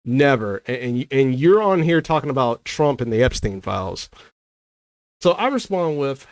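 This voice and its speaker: A man's voice: medium pitch, sing-song, normal speed, no room sound. A man giving a heated, argumentative commentary rant, often repeating himself as he rebuts a critic. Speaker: commentary creator. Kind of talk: ranting commentary to camera.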